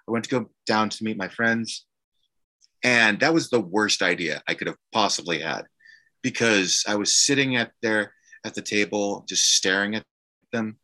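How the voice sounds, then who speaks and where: A man, an actor, telling a candid personal story in conversation, halting and emotional with many fillers and restarts. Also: fairly low pitch, sharp tone. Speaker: actor guest.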